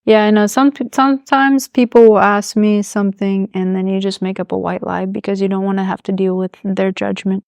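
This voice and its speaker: A woman's voice: mid-range voice, steady tone, brisk, gravelly, hardly any pauses, darkish tone, dry recording. A young woman, a podcast co-host, chatting casually and reflectively, hedging with fillers. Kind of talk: casual chat.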